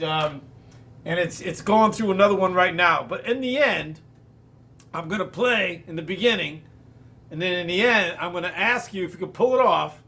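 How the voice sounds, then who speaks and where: High-voiced man reciting poetry. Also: slight background noise. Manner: relaxed, rambling, then rhythmic recital. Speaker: musician and poet. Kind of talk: spoken word with singing. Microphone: video call.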